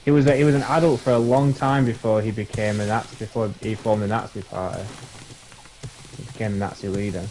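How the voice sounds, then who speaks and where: Brief: Yorkshire man, mid-pitched, blunt casual chat, faint hiss behind. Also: fairly even intonation, fairly quick, dark tone, poor audio. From Yorkshire, England.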